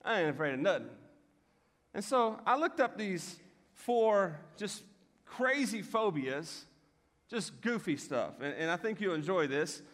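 Guy preaching with jokes, kinda high voice, big hall echo behind him. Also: slow pace. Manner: joking storyteller, animated. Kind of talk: humorous sermon. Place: church hall with audience. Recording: hall reverb.

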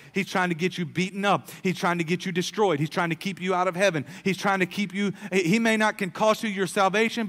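A man preaching a sermon as a pastor, emphatic, swinging between soft, quiet stretches and loud, pressing lines. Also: sits high. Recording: long hall reverb.

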